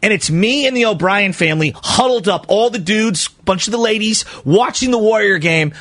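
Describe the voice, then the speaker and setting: A man co-hosting a sports radio show, telling a story in an excitable, animated way with quick laughs. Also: high voice, no echo. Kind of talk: casual storytelling banter.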